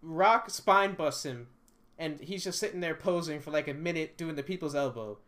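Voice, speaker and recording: A man's voice: fairly high pitch, moderate pace, a bit bright. A man co-hosting a casual wrestling chat, easygoing and asking questions. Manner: easygoing, asks questions, agrees a lot. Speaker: podcast co-host.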